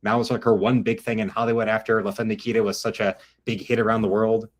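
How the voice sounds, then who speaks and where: A man's voice: fairly low pitch, flat delivery, fast talker, noisy background. A man talking in a rambling, self-correcting way while commenting on films and actors.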